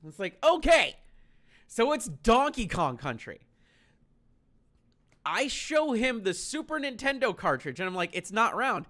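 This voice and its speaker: A man's voice: high-pitched, big pitch swings, a little slow, sharp tone. A man telling a story on a stream, profane, incredulous and exasperated.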